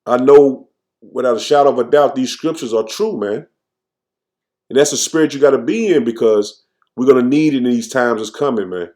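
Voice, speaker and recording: A man teaching scripture informally, tagging nearly every phrase with "man" and reading verses slowly with restarts. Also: medium pitch, mellow. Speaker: preacher.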